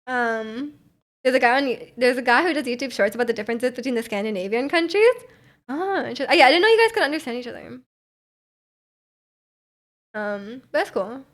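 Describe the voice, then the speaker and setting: Speaking briskly with frequent pauses, this young North American livestream host has a slightly high, animated voice with a fairly bright tone. Her casual stream chat is rambling, giggly, and packed with fillers.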